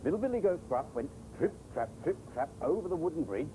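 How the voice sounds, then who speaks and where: A man presenting children's TV, telling a story in a playful, animated way. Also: a little high, fast talker, background noise.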